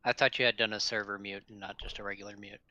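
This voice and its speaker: Bright-toned man chatting casually. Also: lowish voice, little pitch movement, fast talker, no room sound, dull audio. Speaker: player. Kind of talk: casual chat during a tabletop game.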